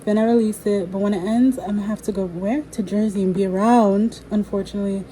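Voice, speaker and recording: A young woman in a casual, rambling monologue, speaking candidly with frequent swearing and laughter, a little low on energy. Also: steady tone, quick pace, dark tone, a little hiss or hum, rough recording. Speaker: spiritual vlogger and musician.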